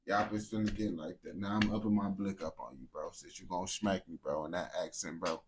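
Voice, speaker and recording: A man's voice: low-pitched, steady tone, brisk, noisy background. Blunt, profane man streamer. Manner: blunt, profane, slangy banter. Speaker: streamer reacting to clips. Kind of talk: casual reaction commentary.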